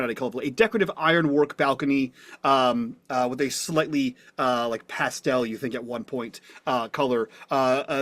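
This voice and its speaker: A man's voice: a little high, dry recording. A man running a tabletop game as game master, describing scenes with many fillers.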